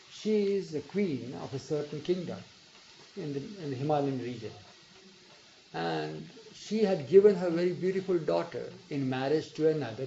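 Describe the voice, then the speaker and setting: A man's voice: a little high, creaky, warm tone, slight background noise. An older man tells a personal story to an audience in a conversational way, often adding "you see" and "mind you.". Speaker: speaker recounting memories to a hall audience. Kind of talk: informal storytelling talk. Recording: dull lo-fi 1985 tape recording.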